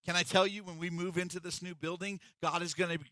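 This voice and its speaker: Bright, emphatic man preaching a sermon. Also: high voice, level tone, fast talker, no room sound. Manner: emphatic, conversational preaching with acted-out quotes. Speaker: pastor.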